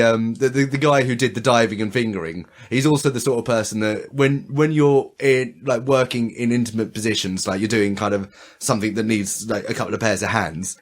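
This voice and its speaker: A man co-hosting a podcast in casual chat, rambling with many stammered restarts and frequent laughter. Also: medium pitch. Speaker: podcast co-host.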